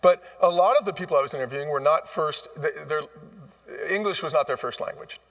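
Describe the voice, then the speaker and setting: On a conference stage, a former restaurant chain CEO, the guest of a live interview, tells his stories emphatically and performs bits of dialogue. His fairly high, somewhat bright voice moves a little fast and is picked up from afar.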